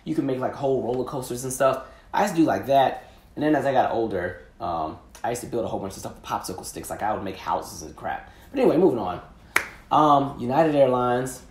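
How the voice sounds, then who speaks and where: A man hosting a podcast, telling casual stories in a slangy, animated way and laughing often. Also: mid-range voice, reverberant. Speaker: podcast host. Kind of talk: casual storytelling monologue.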